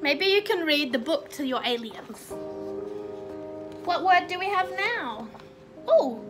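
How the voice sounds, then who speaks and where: A woman's voice: high voice, animated. A woman teaching a recorded class for young children, encouraging and asking them lots of questions, over background music. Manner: slow, encouraging, asks children many questions. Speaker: kindergarten teacher.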